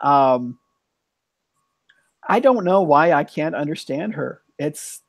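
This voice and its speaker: A man's voice: fairly high pitch, lively intonation, slow pace, no room sound. A man hosting a casual bilingual chat, rambling and thinking aloud as he talks. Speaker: host.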